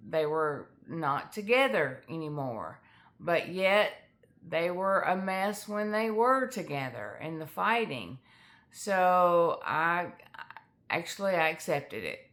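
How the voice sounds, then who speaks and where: A middle-aged woman telling a personal family story in a candid, halting way with many fillers. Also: lowish voice, fairly bright tone. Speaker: author sharing her life story.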